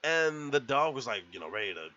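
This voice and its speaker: A man's voice: mid-range voice, big pitch swings, a little fast, sharp tone, no room sound. A man in a casual movie review vlog, retelling scenes in a rambling, profane, laughing way, on a slightly dull lo-fi recording.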